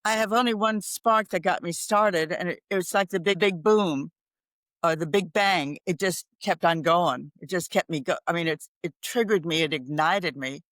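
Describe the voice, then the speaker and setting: A woman's voice: fairly low pitch, moderate pace, a bit bright, no echo. An older woman speaking as a guest on a podcast interview. She is reflective, reciting poetry and laughing easily. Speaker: guest expert. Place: home in Ireland.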